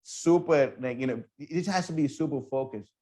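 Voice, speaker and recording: A man with a slightly raised voice speaks in a relaxed interview. He tells his story eagerly and scatters fillers through every sentence. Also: a little high, fairly quick. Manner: animated, filler-heavy, with many "like" and "you know". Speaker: temple book distribution leader.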